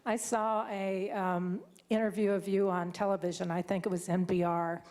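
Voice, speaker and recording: A woman's voice: medium pitch, flat delivery, moderate pace, a little mellow. A woman from the audience asking a question at a talk, hesitant and searching for her words.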